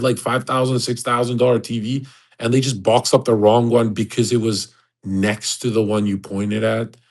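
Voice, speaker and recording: A man's voice: medium pitch, darkish tone, rough recording. A young adult man, hosting an audio chat room in a blunt, crude, casual rant.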